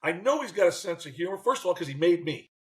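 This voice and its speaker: A man in his sixties, a former baseball manager, telling lively stories as an interview guest and acting out what people said. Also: high voice, fast. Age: 60s. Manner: animated, acts out quotes in voices. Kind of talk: storytelling in a faith interview.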